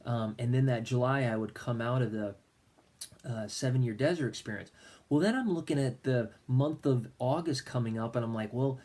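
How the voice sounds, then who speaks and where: A man's voice: mid-range voice, normal speed, darkish tone. A middle-aged man, a minister, earnestly telling a personal faith story and acting out his own prayers. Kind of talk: personal faith testimony vlog.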